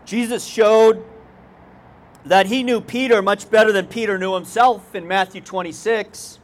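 High-voiced male pastor preaching. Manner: conversational preaching with folksy asides. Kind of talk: sermon.

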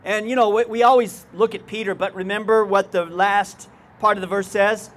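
High-voiced male pastor preaching. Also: fairly even intonation, normal speed. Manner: conversational preaching with folksy asides. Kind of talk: sermon.

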